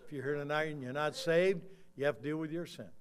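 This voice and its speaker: Older guy preaching in a church, tells a story then gets loud and fired up. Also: fairly high pitch, quick pace, clean tone. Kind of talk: sermon with altar call. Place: church sanctuary.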